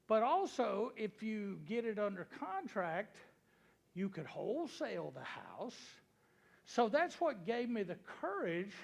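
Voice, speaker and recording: Male seminar speaker, very high voice, gravelly, animated storyteller before a crowd. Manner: animated storyteller acting out dialogue. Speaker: real estate investing seminar speaker. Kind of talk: storytelling talk to a live audience.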